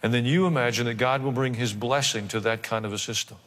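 A man's voice: mid-range voice, fairly even intonation, fast talker, a bit bright. A male pastor preaching a sermon, dropping wry asides and acting out quoted voices. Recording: long reverb of a large hall.

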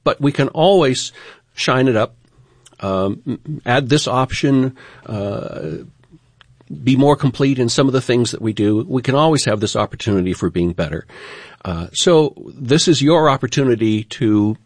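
A man's voice: medium pitch, expressive, unhurried, darkish tone, no room sound. A man who is a former broadcaster, telling a reflective story on air in an earnest way. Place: radio studio. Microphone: studio microphone.

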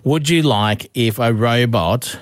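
A man's voice: medium pitch, slow pace, dry recording, clean studio sound. An Australian man in his forties hosting a radio show, bantering and laughing often. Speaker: radio host.

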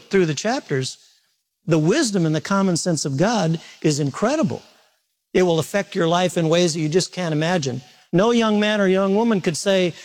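High-voiced folksy preacher. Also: male voice. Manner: folksy and animated, asking the congregation questions; repeats words and restarts often. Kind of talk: sermon.

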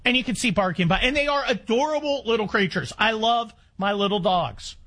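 Animated wry talk-radio host, older man. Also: high voice, a little fast. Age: 60s. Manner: animated, wry, rambling with restarts.

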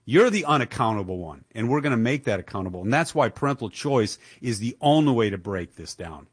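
A man's voice: mid-range voice, very animated, a little fast, slightly rough, no room sound. Indignant male talk radio host, dry sound. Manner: indignant, emphatic, with chuckles. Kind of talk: political talk radio commentary.

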